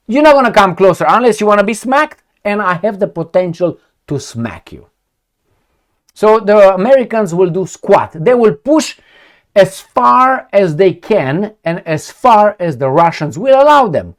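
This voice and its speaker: A man from Romania giving a casual commentary monologue, profane and animated, acting out little exchanges as he goes. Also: high-pitched, moderate pace. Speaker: political commentator.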